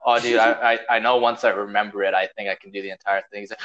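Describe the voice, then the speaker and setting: A man's voice: lowish voice, little pitch movement, fast, hardly any pauses, a bit bright, low-quality recording. A young man hosting a podcast, rambling in casual chat, swearing often and packing his talk with fillers. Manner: rambling, profane, full of fillers. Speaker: podcast host.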